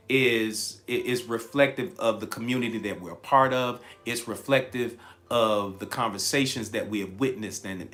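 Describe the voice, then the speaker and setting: A man hosting a live-streamed coaching talk, repeating key phrases and greeting viewers by name with lots of energy. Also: medium pitch. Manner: energetic, repetitive, chatty with viewers. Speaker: livestream host and coach.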